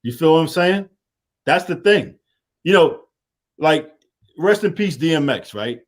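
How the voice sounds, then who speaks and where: A man's voice: on the high side, lively intonation, unhurried. Laid-back streetwise man, casual talk. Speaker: guest, media and water business owner. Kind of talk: casual chat. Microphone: call-in line.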